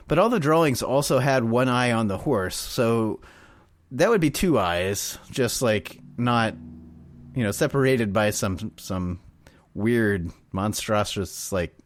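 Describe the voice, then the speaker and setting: A man's voice: mid-range voice, no room sound. Podcast co-host, male, rambly and giggly, dead-dry close mic. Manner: rambling, laughs often, trails off. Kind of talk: casual chat.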